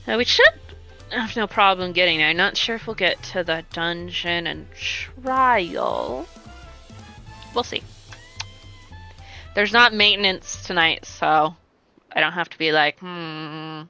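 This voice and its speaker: A woman streaming a game from a home desk mic, talking casually between lines of game dialogue. Her voice is bright and forward, playful and chatty, and breaks into quick excited bursts. Soft music plays underneath. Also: on the low side. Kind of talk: casual gameplay commentary, reading game dialogue aloud.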